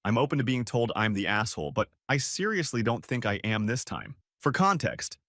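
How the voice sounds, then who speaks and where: Lively-voiced man telling a forum story. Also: medium pitch, a little fast, no echo, studio quality. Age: 30s. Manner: casual confessional storytelling. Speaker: story narrator. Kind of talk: reading a forum post aloud.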